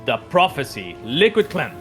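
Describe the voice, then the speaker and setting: A man's voice: a little high, huge pitch swings, moderate pace, a bit bright, soft background music. A man giving friendly, analytical color commentary on a live esports match. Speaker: esports co-caster.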